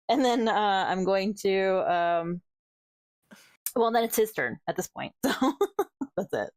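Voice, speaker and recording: A woman's voice: mid-range voice, animated, slow, long pauses, no echo. Hesitant, giggly woman playing a tabletop game. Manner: hesitant, giggly, lots of fillers. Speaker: player. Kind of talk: casual tabletop play.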